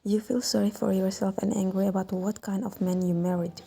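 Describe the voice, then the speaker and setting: Brief: woman story narrator, soft and slow, flat delivery, dark tone. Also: mid-range voice, gravelly, husky. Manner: slow, soft, at times whispered. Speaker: fan fiction narrator. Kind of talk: scripted second-person story narration.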